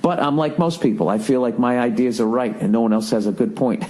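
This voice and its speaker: A man's voice: medium pitch, brisk, warm tone, slight background noise. A man hosting a podcast, delivering a profane, sarcastic comedic rant with exasperated energy. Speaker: podcast host. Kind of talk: ranting comedic monologue.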